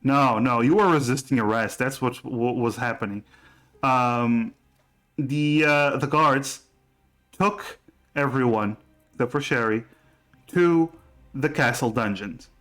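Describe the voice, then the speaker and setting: Slow-talking guy running a tabletop game, lots of restarts, soft music under. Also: mid-range voice. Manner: halting, many restarts. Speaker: game master.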